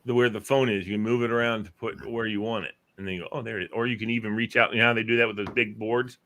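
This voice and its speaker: A man's voice: on the low side, quick pace, a little hiss or hum. A man in his fifties chatting casually and jokingly with friends on a show, sometimes slipping into playful voices. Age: 50s. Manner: jokey, animated, slips into playful character voices. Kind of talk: casual banter.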